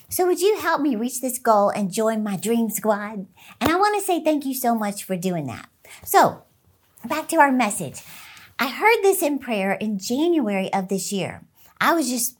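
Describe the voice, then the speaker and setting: A middle-aged woman hosting a motivational talk, an excitable storyteller who laughs often. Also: fairly high pitch. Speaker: inspirational speaker and channel host.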